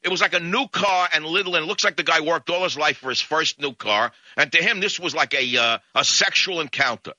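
A man hosting a radio talk show, telling a story in an indignant, animated way. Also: a little high, a little fast, few pauses, dry recording, dull audio.

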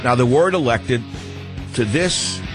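A man's voice: mid-range voice, animated, slow pace, over music. A man hosting a political talk radio show, delivering a combative, sarcastic monologue.

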